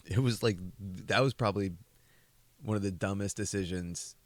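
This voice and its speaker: Brief: podcast co-host, man, casual comedic storyteller, rambling and profane, lowish voice. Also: moderate pace, dry recording. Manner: rambling, profane, self-mocking.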